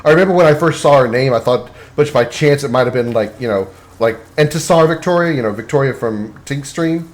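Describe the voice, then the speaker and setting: A man's voice: medium pitch, fairly quick, few pauses. A man streaming a game, chatting casually and rambling with lots of restarts. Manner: rambling, many restarts and fillers. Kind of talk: casual chat while gaming.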